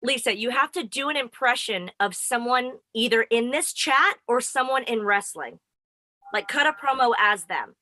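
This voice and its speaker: A woman's voice: on the high side, expressive, normal speed, pushed and bright, no room sound. A woman hosting a casual party game, bubbly and cheering. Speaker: host.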